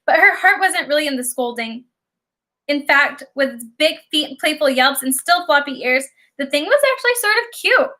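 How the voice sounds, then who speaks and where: In lively, expressive fashion, a woman narrates an audiobook of a children's novel. Her voice is high and she reads at a normal speed.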